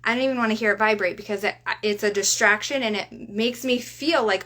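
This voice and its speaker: A woman coach in a casual motivational talk, often asking "right?", who slows down to lead guided breathing. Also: on the high side, sharp tone. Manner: chatty, tags sentences with "right?"; leads slow guided breathing. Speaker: reiki coach.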